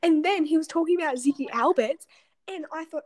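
Giggly high-voiced young woman. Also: very animated, brisk. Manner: giggly, self-mocking storytelling. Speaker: podcast co-host. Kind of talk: casual chat between friends.

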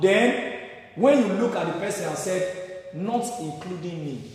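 A man with a Nigerian accent preaching a sermon in call-and-response style, rising to loud emphatic peaks. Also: high voice, lively intonation, a little slow. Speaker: pastor. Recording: distant, echoey hall sound.

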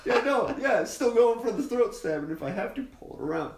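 A man's voice: extremely high pitch, animated, brisk, gravelly, darkish tone, roomy sound, a little hiss or hum. A man in casual chat, blunt and swearing, laughing as he talks.

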